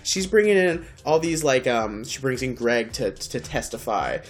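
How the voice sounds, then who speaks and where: A young man co-hosting a casual podcast chat, animated and profane as he retells scenes. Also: medium pitch, moderate pace. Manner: animated, swearing, acts out scenes. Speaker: podcast co-host.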